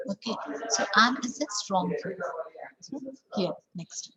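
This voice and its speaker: Speaking slowly in a mid-range voice, a woman with an Indian English accent runs an online English lesson, repeating example sentences and saying "okay" a lot. The audio comes from a video call, is low quality, and has crowd chatter in the background.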